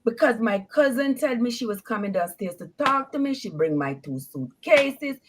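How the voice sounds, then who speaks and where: A woman voicing a distraught young man who pleads slowly and tearfully. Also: very high voice, lively intonation, background noise.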